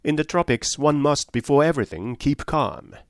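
A man voicing an eccentric old male doctor who speaks in a calm, sententious, imperturbable way. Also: on the high side, moderate pace, dry recording, clean studio sound, voice pushed up, natural voice. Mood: calm probing.

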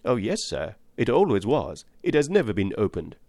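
A nervous young housemaid, deferential and hesitant, as a male narrator puts her on. Her answers lift higher than the narration, with a lively lilt and a dry, close sound. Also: moderate pace, vocal fry, no echo. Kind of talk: audiobook reading.

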